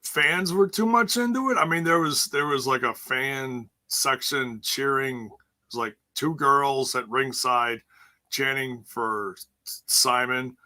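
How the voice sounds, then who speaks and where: A man's voice: medium pitch, measured pace, sharp tone. A man co-hosting a casual podcast, making laid-back, joking asides. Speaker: podcast co-host. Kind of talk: casual chat.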